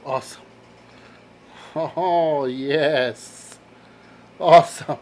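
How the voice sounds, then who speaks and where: A man's voice: fairly high pitch, fairly even intonation, extremely slow, a little mellow, slight background noise. A man chatting casually in a vlog as he shows off a comic book haul, enthusiastic and laughing at his own jokes. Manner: enthusiastic, exclaims over covers.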